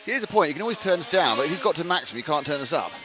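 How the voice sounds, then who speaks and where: A male race commentator with a lively, bouncing voice who cracks jokes and wanders into asides between calls. His voice sits a little high for a man. Engine and tool noise come through clearly behind him. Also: rapid-fire. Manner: jokey, self-deprecating, rambling asides. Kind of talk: live race commentary with banter.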